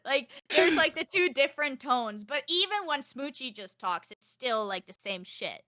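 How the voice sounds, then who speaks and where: A woman's voice: high voice, moderate pace, no echo. A woman guest on a podcast, chatting casually with lots of laughter and fillers. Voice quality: laughs often, filler-heavy animated talk. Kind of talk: casual chat.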